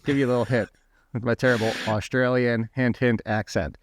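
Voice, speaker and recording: A man hosting a fantasy football podcast in a casual, chatty way, throwing quick questions and asides to his co-host. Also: medium pitch, steady tone, no echo, clean studio sound.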